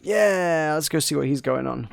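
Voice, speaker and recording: Wry, gravelly let's play narrator. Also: male voice, fairly high pitch, animated, normal speed. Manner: wry, rambling. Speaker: game commentator. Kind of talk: casual let's play chat.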